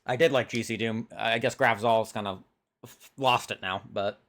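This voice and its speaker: A reaction video host chatting casually, excitable and laughing often. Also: mid-range voice, moderate pace.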